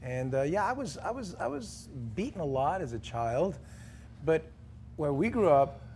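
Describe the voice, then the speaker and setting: A man's voice: fairly high pitch, very animated, normal speed, a little mellow, a little hiss or hum. Earnest man sharing reflectively on a talk show. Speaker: guest, actor.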